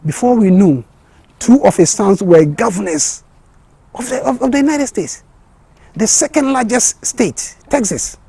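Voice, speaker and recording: A man giving a motivational talk in an impassioned way, often repeating words and restarting, with excited peaks. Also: sits high, unhurried, gravelly, breathy edge, dry recording.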